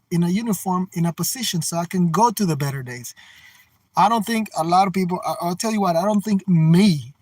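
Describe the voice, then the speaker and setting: A man's voice: sits high, no room sound, rough recording. A man streaming casual chat from his car while driving, talking in a rambling, repetitive, earnest and folksy way. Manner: folksy and slangy. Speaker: live streamer. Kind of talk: casual livestream chat, reading out viewer comments.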